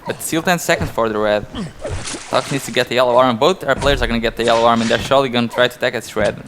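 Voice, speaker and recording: A man's voice: medium pitch, racing, noisy background. Analytical male esports co-caster. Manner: analytical, incredulous at big plays. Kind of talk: live game commentary.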